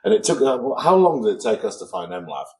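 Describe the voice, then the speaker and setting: An English man co-hosting a podcast chats casually and tells a story, imitating the people he quotes. He talks fast at a medium pitch with big pitch swings, on a low-quality recording.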